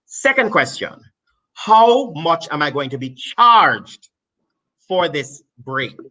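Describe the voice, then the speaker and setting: A man's voice: a little high, very animated, slow, sharp tone, rough recording. A man with a Jamaican accent giving emphatic, repetitive advice on business loans as a finance guest. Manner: emphatic, repeats key points.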